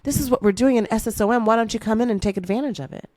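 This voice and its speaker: A woman's voice: fairly high pitch, very fast, a little mellow, no echo. Playful, hyped woman coaching on a podcast. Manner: playful, hyped coaching, calls listener baby. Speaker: manifestation coach and podcast host. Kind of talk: motivational podcast monologue.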